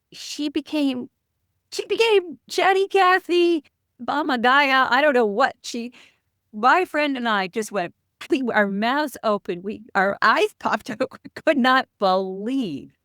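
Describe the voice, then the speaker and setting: A woman, a spiritual teacher and guest, telling a personal story in an interview with vivid, playful sound words and the odd cleared throat. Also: fairly high pitch, fairly bright tone, no echo, studio quality. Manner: clears throat now and then.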